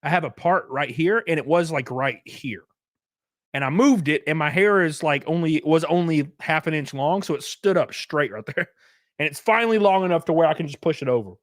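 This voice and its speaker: A man's voice: fairly high pitch, animated, brisk, dry recording, clean studio sound. A man in his thirties, a live streamer, ranting casually and profanely to his chat with sarcasm. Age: 30s.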